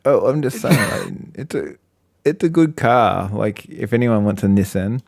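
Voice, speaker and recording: Low dry-voiced man rambling on a podcast. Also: moderate pace, gravelly, darkish tone, no echo. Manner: rambling, laughs often, many fillers. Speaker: podcast co-host. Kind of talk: casual chat.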